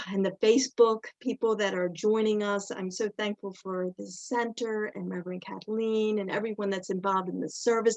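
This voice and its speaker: A woman leading a spiritual service over a video call, speaking gently and soothingly with soft sighs, and reciting an affirmative prayer. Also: mid-range voice, no echo. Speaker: service leader at a spiritual center. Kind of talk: opening remarks and affirmative prayer. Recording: slightly muffled video call audio.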